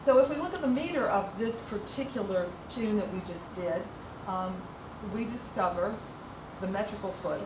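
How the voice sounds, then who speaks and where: A woman's voice: mid-range voice, normal speed, echoey room, far from the mic, background noise. A woman teaching a music workshop, explaining patiently with some ums and restarts. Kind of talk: informal music lesson.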